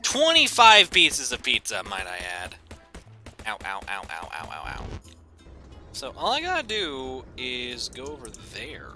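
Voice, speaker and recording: A goofy gaming commentator, a man whose voice bounces all over and drawls at an unhurried pace. He jokes his way through the playthrough and breaks into shouted bits, with game music playing behind him. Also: mid-range voice, huge pitch swings. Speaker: gaming YouTuber. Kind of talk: casual gameplay commentary.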